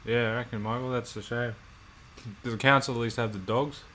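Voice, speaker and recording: An Australian man chatting casually on a livestream, laid-back and quick to swear. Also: medium pitch, fairly even intonation, sharp tone, slight background noise. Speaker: livestream co-host.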